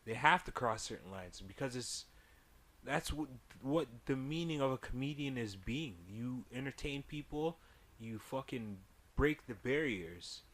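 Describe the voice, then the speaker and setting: A man's voice: medium pitch, animated, unhurried, a bit bright. A man co-hosting a podcast in casual chat, heated and rambling, restarting his sentences. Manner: heated, rambling, frequent restarts and "you feel me". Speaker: podcast co-host.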